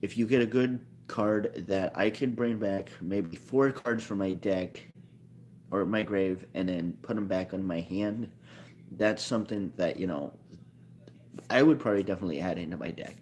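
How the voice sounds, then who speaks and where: Male video maker with a lower voice, loose unscripted delivery that doubles back on itself and keeps correcting itself. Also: moderate pace, darkish tone, slight background noise. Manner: rambling, self-correcting, thinks aloud. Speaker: card game video maker. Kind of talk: casual explainer monologue.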